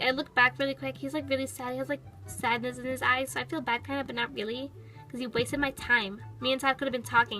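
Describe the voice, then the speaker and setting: A woman's voice: high voice, pushed and bright, rough recording. A woman voicing a sassy, impatient pet toy girl, narrating a toy storytime with sarcastic, valley-girl chatter.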